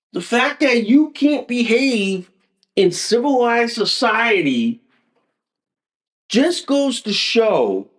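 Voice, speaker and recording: A man hosting a podcast, delivering an emphatic, repetitive political rant. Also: very high voice. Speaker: podcast host.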